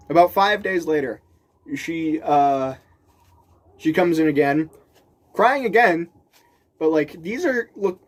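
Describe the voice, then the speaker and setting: A man telling a story casually, rambling and restarting sentences, laughing often and acting out the people he quotes. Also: on the high side. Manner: animated, voices the people he quotes.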